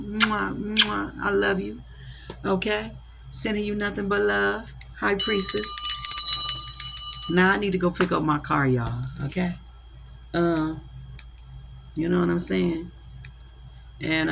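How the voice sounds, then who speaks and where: A woman's voice: lowish voice, vocal fry, a little hiss or hum. Passionate woman tarot reader, street slang. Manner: passionate, slangy, repeats herself, swings from soft to loud. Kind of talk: casual spiritual talk to viewers.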